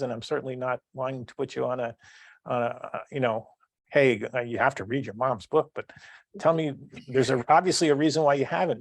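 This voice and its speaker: A man's voice: mid-range voice, dry recording. A man in his sixties hosting a podcast interview, asking long rambling questions full of restarts. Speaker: podcast host. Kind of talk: casual interview.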